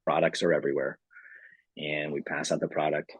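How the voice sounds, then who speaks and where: Very deep husky man telling his story. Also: flat delivery, fairly quick, no echo, highs cut off. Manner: rambling, many "you know" fillers. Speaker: company founder, podcast guest. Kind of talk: casual storytelling interview.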